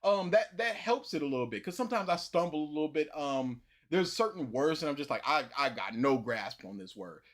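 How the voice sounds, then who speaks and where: A man hosting a casual livestream, telling a long story with lots of repetition and animated emphasis. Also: on the high side, fairly quick, hardly any pauses.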